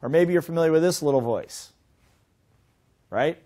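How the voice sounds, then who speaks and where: A middle-aged man teaching a sales seminar in a lively way, often asking his listeners questions. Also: on the high side, normal speed. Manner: lively, asks the audience questions. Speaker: sales trainer.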